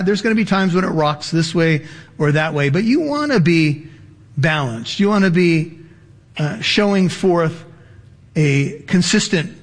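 A pastor giving a Bible teaching sermon, explaining words carefully and spelling out key terms. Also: male voice, a little high, long reverb tail.

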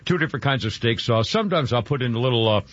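A man's voice: medium pitch, lively intonation, racing, dry recording, highs cut off. A man hosting a radio show, chatting casually and rambling with lots of fillers and restarts. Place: radio studio.

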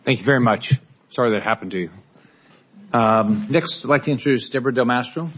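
A man's voice: mid-range voice, a little fast, a bit bright, breathy edge. Man chairing a hearing, muffled audio. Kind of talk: formal introduction.

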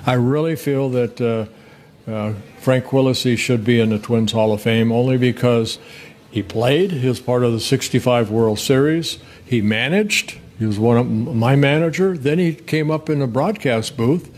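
A man's voice: mid-range voice, moderate pace, darkish tone, slight background noise. Older man telling rambling stories. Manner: rambling, folksy, with many restarts and fillers. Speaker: guest, former pitcher. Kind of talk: relaxed interview storytelling.

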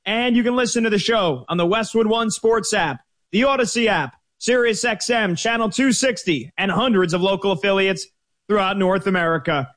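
A man hosting a sports betting radio show, opening it in an energetic, promotional way. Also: sits high, moderate pace.

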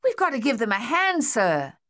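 A steady, plain-spoken soldier who says things straight, without fuss as a woman narrator voices him. The reading is close and dry, with no room sound. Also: fairly low pitch, a little fast, dry recording. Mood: urgent.

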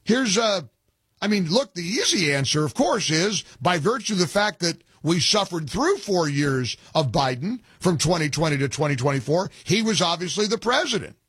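A male talk radio host with a husky, somewhat high voice, recorded dry and close. He talks in a combative, sarcastic way, firing off questions and jabs at opponents. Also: very animated, moderate pace, a bit bright, dry recording. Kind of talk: opinionated call-in talk radio.

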